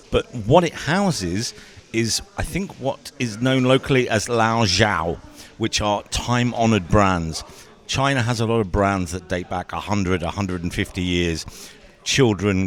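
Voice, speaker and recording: A man hosting a travel video, narrating and trading dry puns with his co-host. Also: fairly low pitch. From southern England. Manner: punning, dry joking. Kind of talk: travel vlog narration and banter.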